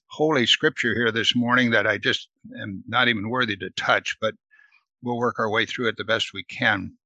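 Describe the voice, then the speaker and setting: A man's voice: mid-range voice, normal speed, pushed and bright, no room sound, lo-fi sound. A man leading a Bible study in a conversational teaching manner, earnest and often asking his listeners "right?". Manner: earnest, asks the listeners questions, adds "right?".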